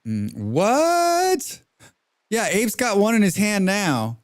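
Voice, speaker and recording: Chatty male streamer, slightly high voice. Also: big pitch swings, moderate pace. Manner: chatty, ranting, reads out chat names. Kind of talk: casual live-stream commentary while playing.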